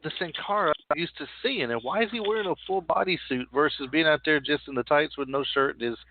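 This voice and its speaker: A man's voice: fairly high pitch, fast talker. Rambling man on a tinny line. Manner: rambling, repeats himself, teasing. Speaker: podcast host. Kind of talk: casual chat recap. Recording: tinny phone-like audio with faint hiss.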